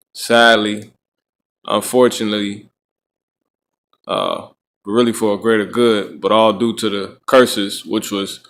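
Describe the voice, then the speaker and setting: Male podcast host, lowish voice, loose rambling religious commentary, lots of restarts and tag questions. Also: fairly bright tone. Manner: repeats and restarts phrases.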